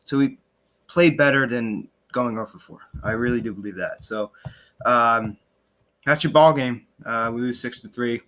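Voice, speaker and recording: A young man hosting a casual sports podcast, talking in an animated, frustrated way with sarcastic asides and lots of fillers and restarts. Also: medium pitch, moderate pace. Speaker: podcast host.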